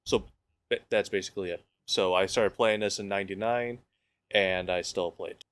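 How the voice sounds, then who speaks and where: A man's voice: low voice, fairly even intonation, moderate pace. A man chatting casually on a podcast, rambling with frequent restarts. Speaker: podcast co-host.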